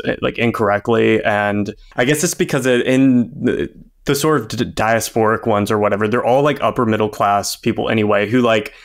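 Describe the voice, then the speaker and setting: A young man co-hosting a podcast in casual chat, musing hesitantly and laughing between phrases. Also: fairly low pitch. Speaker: podcast co-host.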